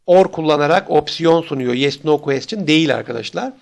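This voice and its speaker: Gravelly male lecturer. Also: fairly high pitch, lively intonation, a little fast, hardly any pauses. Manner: explains patiently, switching between languages, with frequent fillers. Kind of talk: recorded university lecture.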